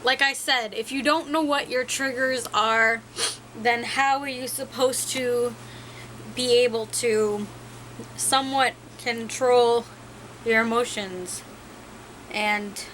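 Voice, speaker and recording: Bright, high-voiced young woman. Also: fairly even intonation, slow, a little hiss or hum, rough recording. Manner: rambling, frank, laughs at herself. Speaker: vlogger. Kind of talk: casual talk to camera.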